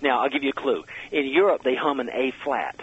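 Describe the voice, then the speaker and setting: A man from Georgia, guest on a show, telling stories in a lively way over the phone, with many false starts. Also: medium pitch, brisk, breathy edge. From Georgia, USA. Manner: animated, lively storyteller with many restarts. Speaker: guest, sound effects expert. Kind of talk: interview chat. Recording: dull phone line.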